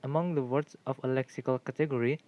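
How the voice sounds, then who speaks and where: A young man, a student, reading a class presentation aloud in a steady way. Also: mid-range voice, fast, no room sound, dull audio. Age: young adult.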